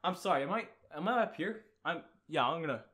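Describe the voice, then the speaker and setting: A teenage boy ranting excitedly in a home vlog, rambling and giddy, swinging from loud yelps to mumbles, sometimes far from his desk mic. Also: a little high, quick pace. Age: teens. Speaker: gaming YouTuber. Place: home room.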